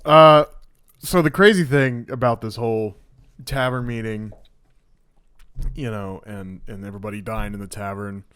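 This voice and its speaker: A man's voice: lowish voice, fairly even intonation, moderate pace, fairly bright tone, smooth. A man co-hosting a podcast, chatting casually about a film, rambling and swearing as he retells scenes. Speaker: podcast co-host. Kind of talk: casual movie discussion.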